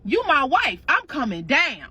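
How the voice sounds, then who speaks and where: A woman's voice: high voice, huge pitch swings, measured pace, sharp tone, full character voice. A woman voicing a protective husband who talks in a blunt, slangy, reassuring way. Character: protective loving husband, adult man.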